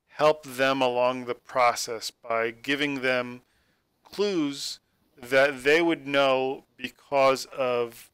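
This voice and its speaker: A man explaining tabletop game rules as game master, rambling and halting with many fillers, talking into a computer mic on a call. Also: mid-range voice, pushed and bright, smooth, dry recording.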